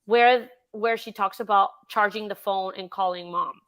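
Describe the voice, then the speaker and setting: A woman's voice: medium pitch, fairly even intonation, normal speed, a bit bright, clear, resonant tone. A woman hosting a casual true-crime livestream, chatting with a guest, reading out chat and swearing freely. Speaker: livestream host.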